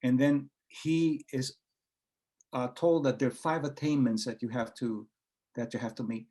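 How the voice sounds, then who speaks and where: A man's voice: mid-range voice, fairly even intonation, normal speed, dark tone. Man telling stories with hesitations. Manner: anecdotal, acts out quoted dialogue; frequent hesitations and restarts. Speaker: guest author and researcher. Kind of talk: conversational interview.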